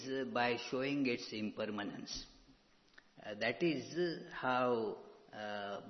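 A male spiritual teacher lectures at an unhurried pace, pausing often to gather his words. He speaks into a microphone in a hall, and the reverb rings long behind him. The recording is muffled and lo-fi. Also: medium pitch. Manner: slow, measured, with frequent pauses and fillers. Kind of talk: scripture lecture.

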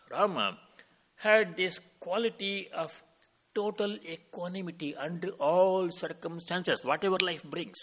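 Calm man giving a devotional talk. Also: high voice, breathy edge. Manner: slow, calm, storytelling with Sanskrit terms. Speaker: spiritual teacher. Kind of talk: devotional discourse.

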